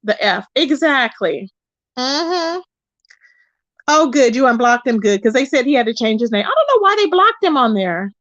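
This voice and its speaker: Chatty woman streamer, slightly high voice. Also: moderate pace, dry recording, muffled recording. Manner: animated and chatty, calls viewers "baby" and "child". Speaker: live-stream host reading chat. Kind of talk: casual gossip commentary.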